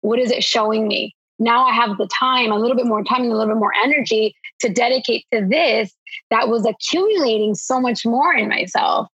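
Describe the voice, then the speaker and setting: A woman host speaking candidly, searching for her words with halting restarts, on a dull lo-fi mic. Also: on the high side, fairly bright tone, husky, no echo. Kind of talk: reflective conversational talk.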